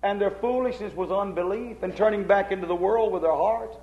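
A man preaching a sermon with fervor, his voice sitting high and swinging between hushed and emphatic. The recording is echoey and dull, as if captured in a reverberant room on old equipment. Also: a little fast.

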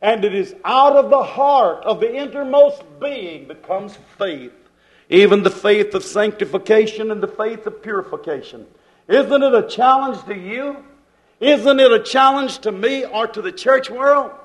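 A man's voice: very high voice, low-quality recording. A man preaching a sermon, repeating phrases with rising and falling emphasis.

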